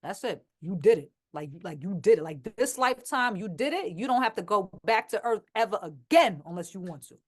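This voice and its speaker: Speaking fairly quickly in a mid-range voice with hardly any pauses, this Queens rapper chats casually as an interview guest. Her New York accent comes through as she talks bluntly and animatedly, full of profanity.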